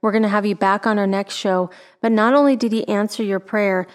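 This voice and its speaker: A woman hosting a faith talk show, gently asking questions and openly moved by her guest's story. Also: mid-range voice, fairly even intonation, brisk. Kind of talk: interview host.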